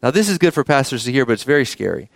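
A man's voice: medium pitch, very animated, racing, gravelly, no echo, studio quality. A man preaching a sermon as the church's pastor, talking conversationally and often asking the congregation questions.

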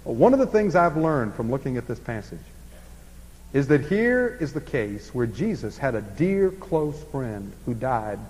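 A man preaching an expository sermon, swinging from emphatic passages to hushed ones. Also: medium pitch, sing-song, measured pace, in a large hall, poor audio.

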